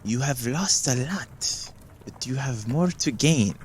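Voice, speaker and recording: A man voicing a slow, cryptic gnome fortune teller woman. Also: mid-range voice, expressive, a little hiss or hum. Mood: mystic. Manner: slow, stiff speech without contractions. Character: gnomish woman palm reader, cryptic and formal.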